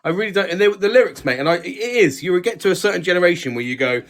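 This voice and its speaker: A man's voice: sits high, expressive, quick pace. A man in his forties, co-hosting a casual chat with sweary, laddish banter. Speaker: podcast co-host.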